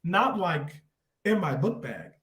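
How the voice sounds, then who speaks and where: Man, podcast guest, rambling animated storytelling, slightly high voice, echoey room. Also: takes it slowly. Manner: rambling, animated retelling with restarts. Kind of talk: personal storytelling in an interview. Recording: roomy echo.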